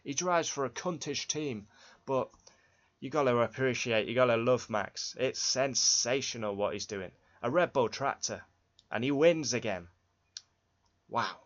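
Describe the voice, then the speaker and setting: A man's voice: mid-range voice, lively intonation, measured pace. Blunt, sweary man, lo-fi. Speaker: Formula One fan channel host. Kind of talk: casual race reaction rundown. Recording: dull lo-fi recording.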